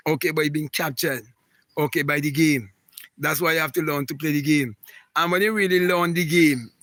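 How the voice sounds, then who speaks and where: A man's voice: on the high side, fairly bright tone, no echo. A man hosting a spiritual talk, reading viewer comments and answering them in an emphatic, repetitive, preachy way.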